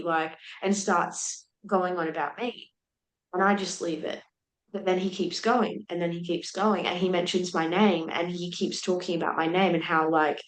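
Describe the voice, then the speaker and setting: A woman's voice: lowish voice, normal speed. A young adult woman, a podcast guest animatedly retelling a personal story, acting out what people said. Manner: animated retelling with laughs and quoted speech. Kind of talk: candid storytelling in conversation. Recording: roomy echo.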